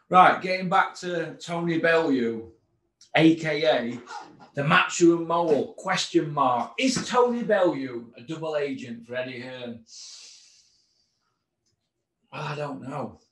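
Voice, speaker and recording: A man's voice: mid-range voice, fairly bright tone. A middle-aged man, hosting a casual boxing rant full of sarcastic, mocking rhetorical questions. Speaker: boxing commentator host. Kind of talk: ranting casual monologue. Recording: roomy echo.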